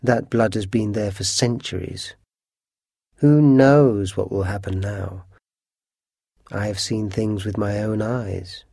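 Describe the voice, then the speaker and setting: A man putting on a gloomy, raspy old housekeeper. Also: fairly low pitch, fairly even intonation, takes it slowly, dark tone, no room sound, clean studio sound, full character voice. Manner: foreboding, warning tones.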